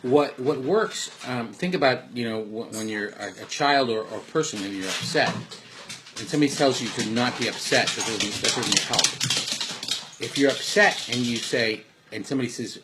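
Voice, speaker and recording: At a normal speed and medium pitch, a man talks at home in a casual monologue, earnestly sharing parenting and life advice. He rambles and keeps restarting, while background noise, including faint dogs and household sounds, runs underneath.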